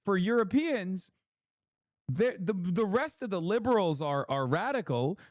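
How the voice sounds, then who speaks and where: A man's voice: high-pitched, lively intonation, a little slow, no echo. Ranting streamer man, dry close sound. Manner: profane, ranting, reads chat aloud. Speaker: political streamer. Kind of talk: casual livestream commentary.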